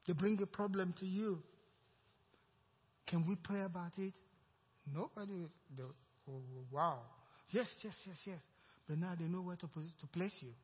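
A man preaching a sermon as pastor, acting out the voices in his story with animated emphasis. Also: sits high, breathy edge. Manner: animated preaching, acts out quoted dialogue. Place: church sanctuary. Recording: dull echoey church hall recording.

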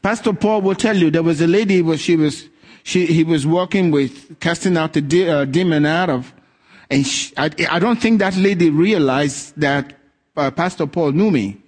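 A male pastor delivering a sermon in a somewhat high voice. He tells stories with energy and acts out the voices of the characters. His delivery is lively and direct, pitched to a congregation. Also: normal speed. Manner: animated storytelling, acting out quoted voices.

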